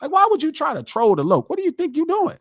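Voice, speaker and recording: Man, middle-aged, podcast host, high voice, swooping wildly, heated profane ranting, dry close sound. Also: huge pitch swings, fast, no echo. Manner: impassioned, profane, lecturing. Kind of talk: heated live podcast rant.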